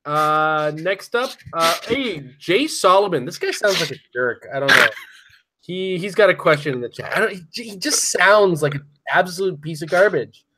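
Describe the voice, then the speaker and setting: A man's voice: fairly high pitch, animated, moderate pace, sharp tone. A man hosting a casual podcast, teasing his co-hosts and laughing at his own jokes. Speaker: podcast host.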